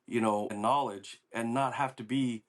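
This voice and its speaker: A man co-hosting a podcast, speaking thoughtfully and pausing to search for words. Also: medium pitch, fairly even intonation. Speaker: podcast co-host. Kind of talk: casual conversational podcast talk.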